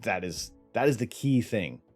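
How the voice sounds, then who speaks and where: A man's voice: on the low side, big pitch swings, a little slow, a little mellow, faint music behind. A man from Canada hosting a casual livestream, rambling through viewer questions with many restarts. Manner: rambling, reads out chat, lots of restarts. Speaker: livestream host.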